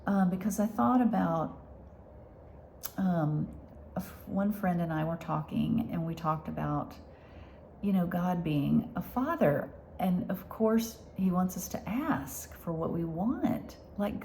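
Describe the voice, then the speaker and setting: Slow, gravelly-voiced woman vlogging. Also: mid-range voice, animated, darkish tone, slight background noise. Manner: halting and heartfelt, many fillers, drops into whispers. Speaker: vlogger sharing her illness. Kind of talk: candid personal vlog.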